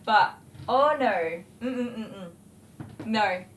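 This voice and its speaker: A middle-aged Australian groomer hosts a livestream, lively and laughing as she tells stories while working and acts out voices in her anecdotes. Her voice is a touch high and her speech extremely slow. The echoey indoor grooming room carries a faint electric clipper buzz.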